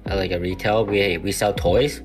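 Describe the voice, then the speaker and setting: A man's voice: sits low, moderate pace, faint music behind. A young man co-hosting a podcast, telling work stories in casual chat, swearing freely and acting out quotes. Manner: swears freely, animated storytelling with acted-out quotes. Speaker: podcast co-host.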